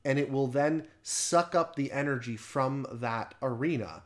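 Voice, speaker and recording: A man co-hosting a casual podcast chat, animated, laughing often and swearing freely. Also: mid-range voice, measured pace. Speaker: podcast co-host.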